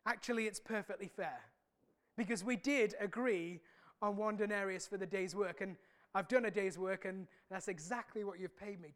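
A woman's voice: medium pitch, moderate pace. A woman preaching a sermon in a frank, conversational way.

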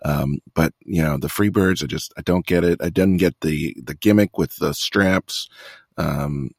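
A man co-hosting a podcast, chatting casually about a wrestling show in a relaxed, wry way, with some casual swearing. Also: extremely low pitch, a little slow, vocal fry, dry recording, studio quality. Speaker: podcast co-host. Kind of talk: casual wrestling recap chat.

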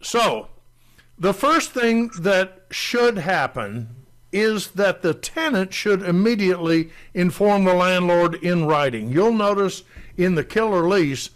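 Slow-talking man with a high voice. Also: expressive, fairly bright tone. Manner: slow, deliberate, stresses key words. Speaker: landlord co-host explaining rental law. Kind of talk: casual explanatory talk.

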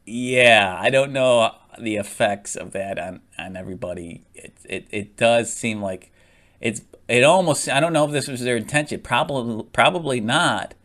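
A man's voice: mid-range voice, moderate pace, fairly bright tone. A man casually reviewing a movie, rambling with lots of fillers, restarts and frequent laughs.

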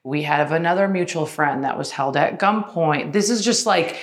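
A woman's voice: deep voice, normal speed. A woman hosting a podcast, supportive and affirming as she talks with her guest. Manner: supportive, frequent short affirmations. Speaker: podcast host. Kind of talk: casual podcast interview.

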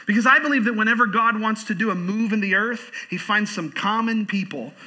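A man's voice: high-pitched, fairly quick, pushed and bright, poor audio. A man pastor preaching a sermon in church, repeating phrases for emphasis and reading a quote aloud.

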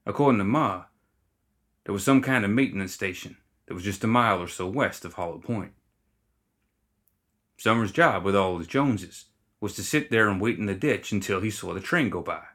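A man reading fantasy fiction aloud as narrator, in a wry, even storytelling manner. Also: fairly low pitch, moderate pace. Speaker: audiobook reader.

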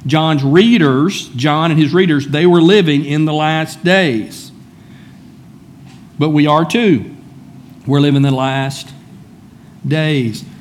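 A man's voice: a little high, slow, long pauses, a little hiss or hum. A man preaching a sermon in a church, speaking conversationally and calling on listeners by name. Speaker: pastor.

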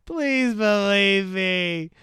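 A man acting out a panicked husband trapped in the floor, pleading loudly in a raised voice. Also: expressive, extremely slow, clean tone, no echo, clean studio sound, full character voice. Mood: frantic. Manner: loud, high, frantic pleading.

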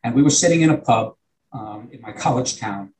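A man's voice: mid-range voice, expressive, fairly quick, darkish tone, low-quality recording. An older man with a New York accent, a retired teacher telling a long, earnest anecdote in conversation. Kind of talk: conversational storytelling.

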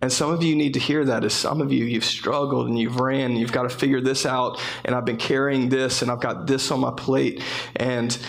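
Gravelly-voiced man preaching earnestly. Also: medium pitch, level tone, fairly quick, slight background noise. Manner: earnest, repeats phrases, frequent restarts. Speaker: pastor. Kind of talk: conversational sermon.

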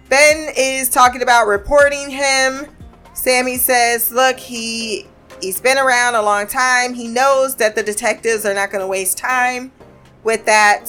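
A woman casually recapping a TV episode, animated and profane, acting out the characters' lines. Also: a little high.

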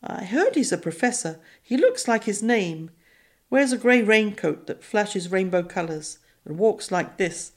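A woman reading an audiobook, voicing an excitable, proper young British girl with clipped speech. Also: medium pitch, measured pace. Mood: eager. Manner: clipped, eager.

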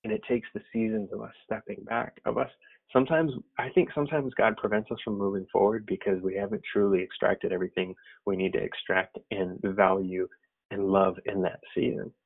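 A man's voice: lowish voice, flat delivery, brisk, creaky, husky. A man sharing an earnest, reflective personal faith story, talking loosely with many fillers. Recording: tinny phone-like sound.

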